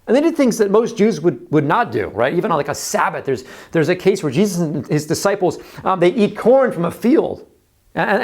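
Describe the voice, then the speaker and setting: Conversational man preaching a sermon. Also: sits high. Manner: conversational preaching, often repeating words. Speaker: pastor.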